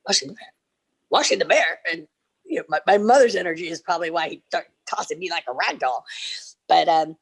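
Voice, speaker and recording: A middle-aged woman on a video-call fan panel, telling lively stories and acting out the people in them. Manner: animated, acts out quotes with big leaps in pitch. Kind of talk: casual anecdote telling.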